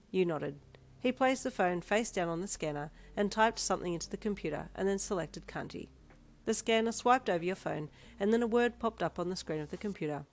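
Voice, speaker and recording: A woman narrating a second-person fan fiction story in an even storytelling manner. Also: lowish voice, fairly quick. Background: faint instrumental music.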